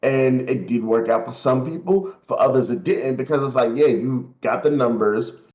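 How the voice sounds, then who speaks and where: A man in a casual roundtable chat, reflecting at a measured pace on his time as a streamer. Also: medium pitch, darkish tone. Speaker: streamer guest. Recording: dull lo-fi mic.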